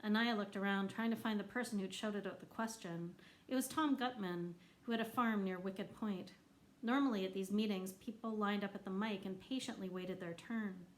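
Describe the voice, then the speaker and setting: A woman reading a novel aloud as narrator, lifting her voice for the characters who shout. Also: medium pitch, moderate pace, low-quality recording. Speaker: audiobook narrator. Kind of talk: scripted narration.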